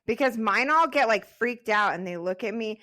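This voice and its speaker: With a sharp tone and lively intonation, this thirty-something woman chats casually as a podcast co-host. Her voice is on the high side, her speed is normal, and "like" turns up again and again in her talk.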